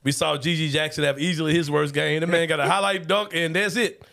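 A man's voice: on the high side, fairly quick, creaky. Rowdy joking male podcast host. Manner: animated, joking, loud laughter, slangy. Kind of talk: casual sports talk.

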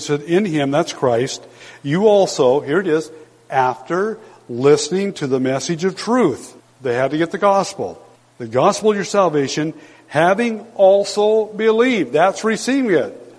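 A man's voice: on the high side, a little mellow. Older male preacher in a reverberant hall. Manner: emphatic, slows down to stress scripture quotes. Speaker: pastor. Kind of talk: sermon.

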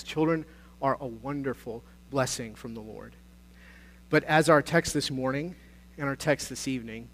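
A man preaching a sermon as pastor, earnest and exhorting, moving between quiet passages and louder, urgent appeals. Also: mid-range voice. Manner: earnest, exhorting, swings between soft and loud.

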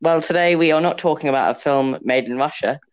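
A man's voice: a little high, a little fast, clean tone, highs cut off. A young man hosting a casual film podcast, talking in a chatty, enthusiastic, rambling way. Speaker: podcast host.

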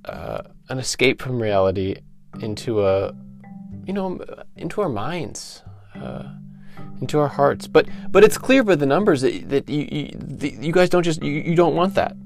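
A man's voice: mid-range voice, lively intonation, normal speed, gravelly, faint music behind. A man hosting a comedic podcast, rambling and stammering through his words, repeating himself as he goes. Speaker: podcast host.

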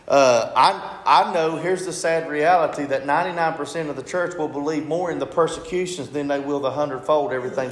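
A man delivering a sermon in a roomy, echoing church space. His voice sits fairly high for a man. He keeps repeating his phrases and checking in with the listeners. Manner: asks the congregation questions and repeats phrases. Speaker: preacher.

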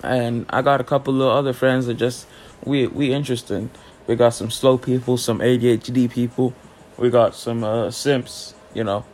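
A man's voice: medium pitch, little pitch movement, moderate pace, darkish tone. A teenage boy hosting a casual solo podcast, rambling and joking in heavy slang with lots of cussing. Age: late teens. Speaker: podcast host.

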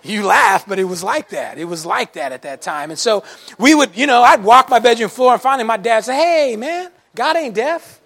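Man, pastor, sermon to a congregation, high voice, gravelly, folksy animated storytelling. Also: brisk. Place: church service before a congregation.

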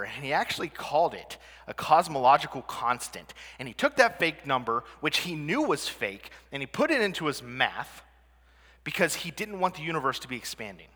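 A man's voice: fairly high pitch, pushed and bright, slightly rough. A man giving a conversational presentation to a live audience as a teacher, often asking the listeners questions. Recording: long reverb of a hall.

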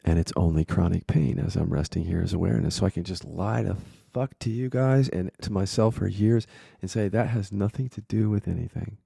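A man with a very dark, husky voice tells his own story as a spiritual teacher. He is candid and reflective, and he swears freely. His low, gravelly tone is recorded dry, with no room sound. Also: brisk, few pauses, no room sound. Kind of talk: personal storytelling monologue.

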